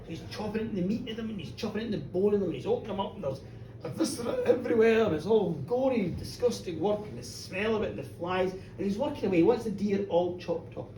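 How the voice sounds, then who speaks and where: A woman telling a folk tale live, animated, chatty and playful. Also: medium pitch, quick pace. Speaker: storyteller. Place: pub storytelling show, indoors. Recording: roomy bar, distant mic, faint noise.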